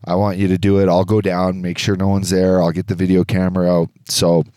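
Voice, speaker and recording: Guy with a low voice telling a crazy story on a podcast, lots of swearing, dry close mic. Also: a little fast, clean tone, no room sound. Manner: animated, swearing, acts out quoted voices. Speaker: podcast co-host. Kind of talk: casual storytelling chat.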